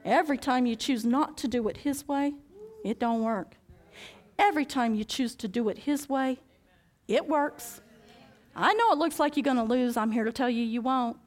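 High-voiced woman preaching animatedly. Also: normal speed. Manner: animated storytelling, acting out dialogue, laughing often. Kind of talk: sermon with personal story.

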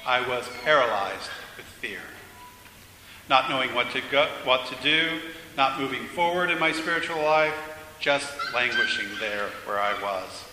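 A man's voice: medium pitch, lively intonation, measured pace. Earnest man preaching in echoey church. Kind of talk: sermon. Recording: echoey church hall with faint noise.

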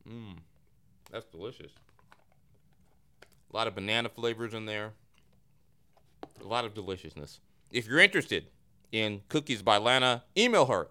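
A man's voice: mid-range voice, pushed and bright, clean tone. Playful, jokey male podcast host. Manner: jokey, playful, self-mocking. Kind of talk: casual chat and comic ad reads.

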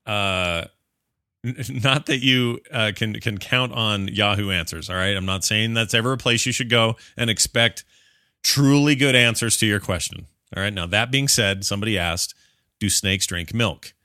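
Bright-voiced man hosting a podcast. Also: on the low side, moderate pace, no echo, studio quality. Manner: rambling, self-interrupting, reads answers aloud. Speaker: podcast co-host. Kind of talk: casual chat.

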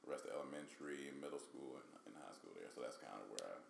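Animated young man telling stories. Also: rumbling low, very fast, gravelly, reverberant, slight background noise. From North Carolina, US. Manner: jokey, acts out voices in his stories, lively. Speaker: comedian guest. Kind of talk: animated storytelling in a casual interview.

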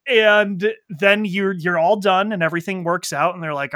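A man chatting casually as he retells a video game plot, animated and profane, with quick quoted voices for the characters. His voice is bright and sits a little high. The recording is dry and close. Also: no echo.

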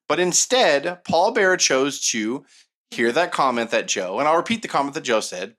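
A middle-aged man spinning a story on a chatty podcast, his pitch swinging up and down a lot as he goes. He is profane and sardonic, dropping into mocking impressions of the people he talks about. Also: very animated, a little fast, pushed and bright. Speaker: podcast co-host telling a story. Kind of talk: casual storytelling chat.

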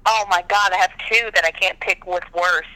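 Very bright, high-voiced animated man. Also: normal speed, rough recording. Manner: animated, dramatic storyteller. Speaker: podcast guest. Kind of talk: casual chat.

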